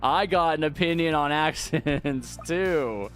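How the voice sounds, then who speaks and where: A man's voice: a little high, slow pace, fairly bright tone, soft background music. A young man streaming a game at home, talking casually into a desk mic and arguing back at his chat with rambling restarts. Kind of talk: live-stream chat while gaming.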